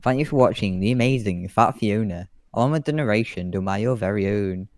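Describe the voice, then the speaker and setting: A man's voice: lowish voice, brisk, darkish tone, no echo, studio quality. A British man streaming live, doing playful mock airshow commentary in a jokey announcer voice.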